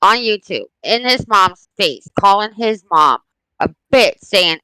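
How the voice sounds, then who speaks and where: A woman's voice: medium pitch, a little slow, clean tone, no echo, low-quality recording. A woman in her forties, a mother of four, chatting bluntly and emphatically, telling stories with force. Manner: blunt, emphatic, animated storytelling. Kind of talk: casual chat.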